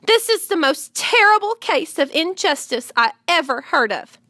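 A woman voicing a tender-hearted eight-year-old farm girl who pleads in shrill, tearful bursts. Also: sing-song, moderate pace, bright, forceful tone, no room sound, studio quality, exaggerated voice. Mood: upset pleading.

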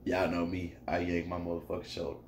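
A man telling a personal story in a casual vlog, animated and profane, often turning to address his listeners directly. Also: low-pitched, brisk, noisy background.

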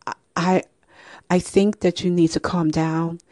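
A bewildered mother begs her daughter for answers in a low, mellow voice, as a woman telling the story acts her out. The recording is close and dry. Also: level tone, unhurried, no echo, natural voice. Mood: pleading. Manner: bewildered, pleading questions. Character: distressed mother pleading with her grown daughter.

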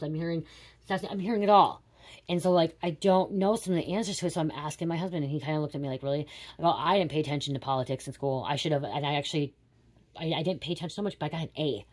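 A woman in her late thirties talks through a psychic reading in a low voice. She rambles quickly and confides, with casual swearing dropped in. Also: darkish tone. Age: 30s. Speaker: tarot reader.

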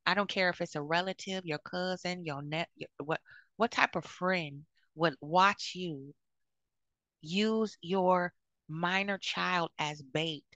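A woman's voice: lowish voice, slow pace, a bit bright, no room sound, lo-fi sound. A woman in her fifties giving blunt, outspoken advice to other women, often checking in with "okay?". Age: 50s. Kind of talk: frank advice monologue.

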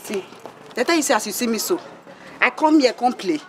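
A woman's voice: on the high side, animated, brisk, slight background noise, lightly acted. An actress with a Nigerian accent playing a feisty young woman who sells recharge cards and talks back in Pidgin. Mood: indignant. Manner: Nigerian Pidgin, sharp and indignant.

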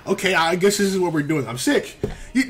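Young male gaming commentator, casual and slangy, exasperated, lively pitch swings. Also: normal speed, slight background noise. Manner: animated, exasperated, heavy slang, frequent repeats.

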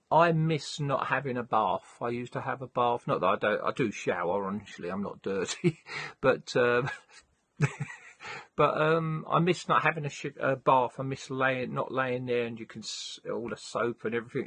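A man's voice: mid-range voice, normal speed, a bit bright, dry recording. A man hosting his own show, chatting casually and laughing easily before reciting a poem. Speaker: host. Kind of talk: casual chat and poem reading.

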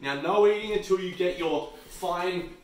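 A young Australian man with a higher-sitting voice hosts a mock cooking show in a kitchen, speaking at normal speed, sarcastic and swearing a lot. The comedy clip sounds echoey, with the mic far off and slight background noise.

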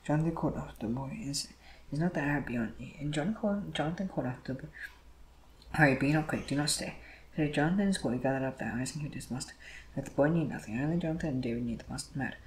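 A man reading scripture aloud, moving quickly and often stumbling over words and starting lines again. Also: fairly high pitch, slight background noise, rough recording. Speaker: Bible reader.

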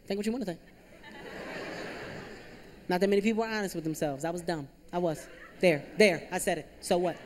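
A young male comedian working a stage mic in front of a live crowd, animated and self-mocking. He keeps tossing in "you know" and "man" between punchlines, with faint noise behind him in the hall. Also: sits high. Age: 20s. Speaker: stand-up comedian. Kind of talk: stand-up comedy. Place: theater stage with live audience.

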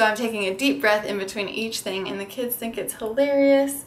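A woman's voice: on the high side, moderate pace, few pauses. A young woman speech therapist explaining how to read picture books with toddlers, slipping into sing-song, exaggerated sounds for children. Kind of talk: instructional demonstration.

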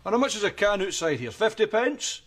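An actor playing a crude, cantankerous older Scottish pensioner with a Scottish accent, bickering in gruff banter. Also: male voice, high voice, sing-song, a little fast, a bit bright, exaggerated voice. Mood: cheeky. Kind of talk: sketch comedy acting.

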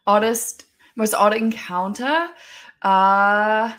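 Woman, New Zealand accent, podcast guest, chatty, giggly, middle pitch. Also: fairly even intonation, very slow, a bit bright. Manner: chatty and giggly, trailing into fillers. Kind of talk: casual chat.

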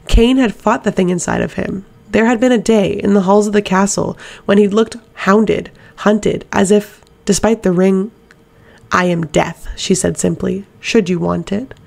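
A woman narrating an audiobook in a steady, measured reading voice. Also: mid-range voice, gravelly. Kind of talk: scripted narration.

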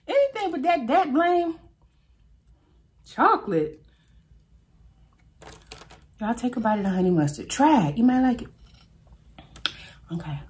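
Animated woman vlogger, lively swooping voice. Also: high voice, measured pace, pauses often. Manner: animated, exclaiming and chanting to the wheel. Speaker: food challenge vlogger. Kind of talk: casual talk to camera while eating.

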